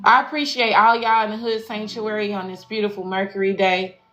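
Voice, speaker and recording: Profane, bright woman spiritual reader. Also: medium pitch, flat delivery, fairly quick, muffled recording. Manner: profane, affectionate, preachy, addresses viewers as y'all and baby. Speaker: spiritual life coach and intuitive reader. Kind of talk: casual tarot reading livestream. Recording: echoey room with faint music.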